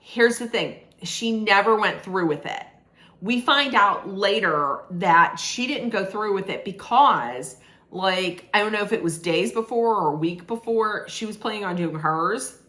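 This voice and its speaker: Animated and a little slow, this woman's mid-range voice sounds pushed and bright as she recaps a film's plot. She's a movie reviewer giving a casual, spoiler-filled rundown, rambling, restarting, and saying "like" often.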